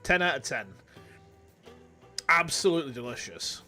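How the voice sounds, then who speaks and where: Animated English male streamer, jokey, lively pitch, faint game music behind. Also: normal speed. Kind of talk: casual game-stream chat.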